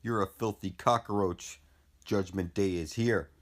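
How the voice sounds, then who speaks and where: A man's voice: low voice, steady tone, unhurried. A man delivering a threatening, profane monologue as a channel host, taunting and contemptuous. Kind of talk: menacing monologue to camera.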